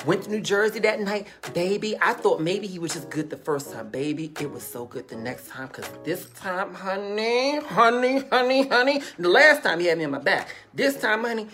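A woman telling a candid story to her viewers in a casual, animated way, calling them honey and baby and repeating phrases for emphasis. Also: medium pitch, normal speed, hardly any pauses, faint music behind.

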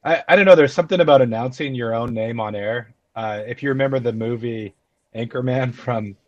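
A man's voice: mid-range voice, fairly quick, lo-fi sound. A man co-hosting a radio talk show from a remote location, thoughtful and self-deprecating, with frequent fillers. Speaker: radio show co-host, academic dean. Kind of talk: casual radio talk chat. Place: remote, away from the studio.

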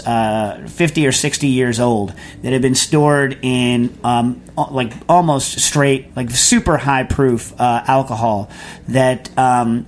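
Guy rambling through a listener question on a radio show, lots of uhs, mid voice, faint hiss behind. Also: medium pitch. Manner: rambling, chatty, many fillers and restarts. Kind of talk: casual call-in answering.

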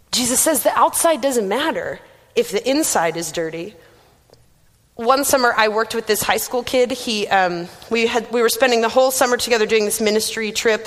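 A young woman giving a casual, conversational sermon as a youth minister, chatty and self-deprecating, with lots of "like". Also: medium pitch. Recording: long reverb of a large room.

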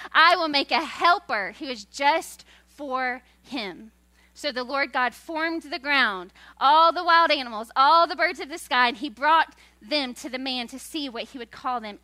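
A woman in her thirties preaches from a church stage in a bright, high voice, animated and chatty. She breaks into laughing asides and puts on voices for the people she quotes. The sound is close and dry. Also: no echo. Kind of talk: sermon.

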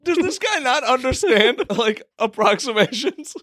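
A man with a high, swooping voice teases his co-hosts on a comedy podcast and keeps cutting in to laugh. He speaks at an unhurried pace. The sound is dry and close. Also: expressive, fairly bright tone, no room sound. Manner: teasing, interrupting, laughing often. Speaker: podcast co-host. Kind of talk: casual comedy podcast chat.

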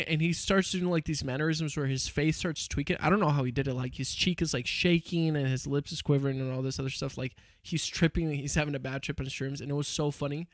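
Young man, casual chat, rambling, many fillers, slightly high pitch, dry sound. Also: fairly even intonation, fast, hardly any pauses, no room sound.

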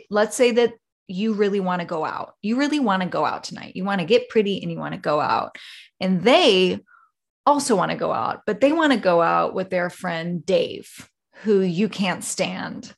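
A woman's voice: mid-range voice, gravelly. A woman hosting a solo podcast, talking casually and rambling, with many fillers and acted-out examples. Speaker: podcast host.

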